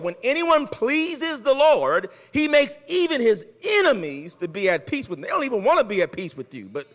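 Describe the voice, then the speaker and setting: A man delivers a sermon in a casual, folksy way, his high voice leaping across a wide range. The sound is bright and forceful. A long hall reverb trails every phrase. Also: moderate pace, hardly any pauses. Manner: animated preaching, swings from loud to hushed. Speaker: pastor. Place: church sanctuary.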